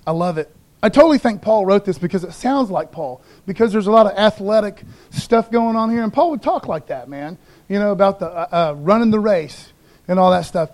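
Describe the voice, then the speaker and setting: A pastor with a high, expressive, darkish voice preaches a casual, folksy sermon in a church sanctuary, speaking a little fast. He talks informally to the congregation, tossing in jokey asides and plenty of "man" and "you know."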